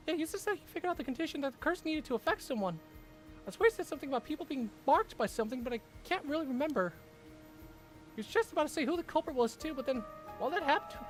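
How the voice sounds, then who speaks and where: A man's voice: extremely high pitch, animated, fast, soft background music, pitched above the performer's own voice. A man voicing a shaken young woman who survived an island curse, reading visual-novel dialogue in an earnest, urgent way.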